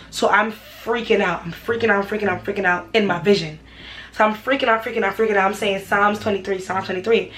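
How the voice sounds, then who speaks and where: A young woman, casually retelling a personal story for her vlog, animated and repetitive. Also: mid-range voice, slight background noise, low-quality recording. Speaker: vlogger.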